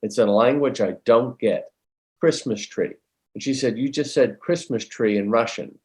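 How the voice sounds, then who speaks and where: Storytelling middle-aged man, medium pitch. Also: normal speed. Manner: animated, speeds up when telling a story. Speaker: guest medium. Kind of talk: conversational storytelling.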